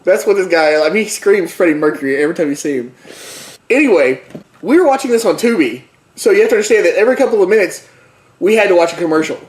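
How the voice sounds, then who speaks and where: Guy with a higher voice rambling thru a movie recap, jokey asides, echoey room. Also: animated, fast talker, a little hiss or hum. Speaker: podcast co-host. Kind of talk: casual movie recap chat. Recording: roomy echo.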